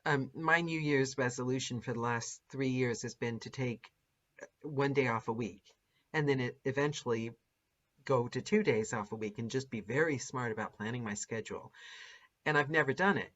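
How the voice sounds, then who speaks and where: A woman's voice: extremely low pitch, moderate pace. A woman podcast host who narrates audiobooks, chatting casually and animatedly with a guest. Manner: animated, laughs often, lively mimicry. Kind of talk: casual interview chat. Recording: dull lo-fi audio.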